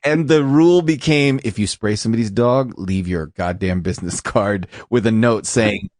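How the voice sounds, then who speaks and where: Lower-voiced man hosting podcast banter. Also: normal speed, a little mellow, no room sound. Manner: joking, crude banter. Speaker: podcast host. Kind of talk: casual podcast chat. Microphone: studio podcast mic.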